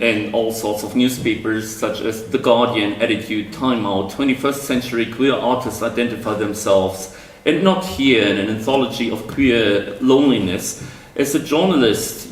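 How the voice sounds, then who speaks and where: Moderator: a man with a mid-pitched voice, hesitant and reading from notes, heard off-mic in a roomy hall. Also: distant mic, a little hiss or hum. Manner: reads from notes, hesitant fillers. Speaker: event moderator. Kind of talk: moderating a book premiere.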